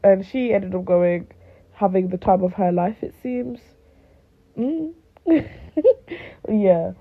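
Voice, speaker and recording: A woman in her late teens chatting casually to camera, animated and rambling with lots of fillers. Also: medium pitch, slow. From United Kingdom. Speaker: vlogger. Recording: phone-like thin sound.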